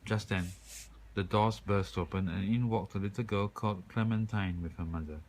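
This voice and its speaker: A man reading a children's picture book aloud in a calm, expressive way. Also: on the low side, moderate pace, poor audio. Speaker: storyteller.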